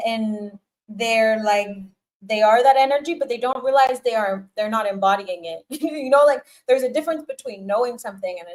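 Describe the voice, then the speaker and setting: A woman's voice: on the high side, poor audio. A woman giving a casual live tarot reading, speaking straight to the viewer. She laughs often, repeats her encouragement, and swears casually. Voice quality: animated, laughs often, warm encouraging repetitions. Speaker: tarot reader.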